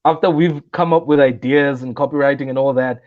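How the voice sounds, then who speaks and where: A man's voice: medium pitch, brisk, phone-quality sound. A young South African man, a comedian guest in an interview, telling stories animatedly and acting out the voices of the people in them. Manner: animated, acts out quoted voices. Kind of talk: casual interview storytelling.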